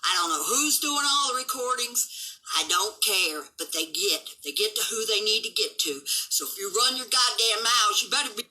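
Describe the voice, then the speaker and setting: A woman of seventy hosting a livestream, delivering an angry, combative rant full of swearing and occasional shouting. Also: medium pitch, expressive, moderate pace, rough recording. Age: 70s. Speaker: livestream host.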